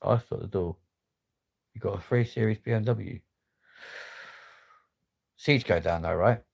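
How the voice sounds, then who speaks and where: Casting: male streamer, low gravelly voice, laddish and sweary. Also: unhurried, a little mellow. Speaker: livestream host. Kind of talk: casual livestream chat.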